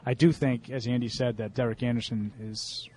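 A man's voice: mid-range voice, steady tone, normal speed, a little mellow, breathy edge. A man hosting a casual sports panel, reading out each matchup and its line before giving his own pick. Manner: reads out matchups and lines, then gives his pick. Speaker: host running the picks segment.

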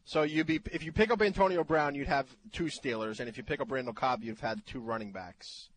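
A man hosting a fantasy football call-in radio show, talking in animated, loud bursts of excitement. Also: mid-range voice, fairly quick, a little hiss or hum.

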